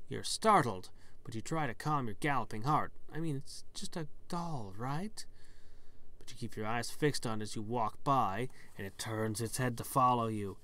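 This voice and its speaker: A man's voice: medium pitch, pushed and bright. A man casually playing a game on stream, reading the game text aloud and adding wry asides. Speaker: let's player. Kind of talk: casual gameplay commentary.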